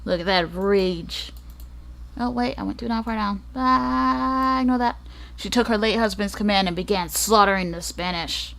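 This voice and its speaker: A woman reads a history book aloud in a casual way, with a voice of ordinary pitch for a woman. She keeps stopping for playful, jokey asides. She stumbles over unfamiliar names and tries them again. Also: fairly bright tone. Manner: playful, breaks off reading for joking asides and laughs; stumbles over and repeats hard names and words. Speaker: gaming channel host.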